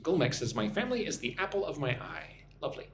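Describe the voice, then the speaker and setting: Man, mild Texan accent, English teacher, lively pitch, roomy sound, faint background hum. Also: quick pace. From Texas, USA. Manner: chatty, reads viewer comments aloud. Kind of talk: live-stream English lesson.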